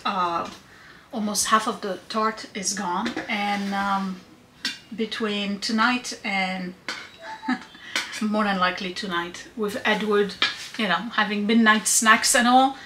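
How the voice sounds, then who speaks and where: A woman walks through her home baking in a relaxed, chatty way. Her voice is bright and clear. The kitchen is echoey, with a faint hiss underneath. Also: medium pitch. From France. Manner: chatty, explains as she goes. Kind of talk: casual cooking demonstration.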